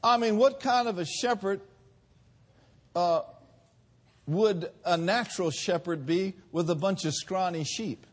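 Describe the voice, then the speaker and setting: Husky guy preaching in church, call and response, draws out key words. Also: high voice, measured pace, pauses often. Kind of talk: sermon.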